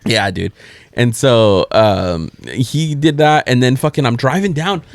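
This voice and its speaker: A man co-hosting a podcast in casual chat, telling slangy, animated stories and acting out the people in them. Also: medium pitch, measured pace, no echo. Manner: animated slangy storyteller, acts out quoted people. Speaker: podcast co-host.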